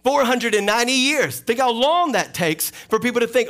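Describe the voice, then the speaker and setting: A man preaching a sermon as pastor, lively and playful, acting out quoted voices and laughing often. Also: very high-pitched, moderate pace. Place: church sanctuary.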